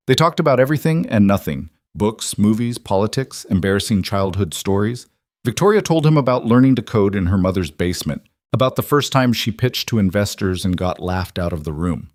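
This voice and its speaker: A man narrating a scripted story in a steady, even manner. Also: on the low side, dry recording, clean studio sound.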